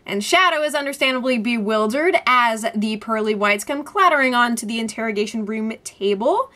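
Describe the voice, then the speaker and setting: Bright-voiced woman reviewing TV. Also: fairly high pitch, moderate pace. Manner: animated, laughs often between points; vivid, wordy descriptions. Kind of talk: TV episode review.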